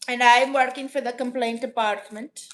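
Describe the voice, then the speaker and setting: A woman comedian voicing a brash, self-assured customer-service rep who calls everyone baby, in a deadpan improvised livestream. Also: on the high side.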